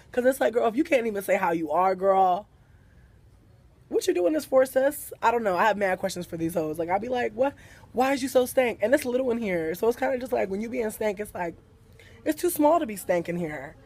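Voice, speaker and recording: A man who works in a hat shop, ranting in a casual way about customers with sassy, profane, animated storytelling and mock quotes. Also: high voice. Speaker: hat shop retail worker. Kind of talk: casual rant to camera.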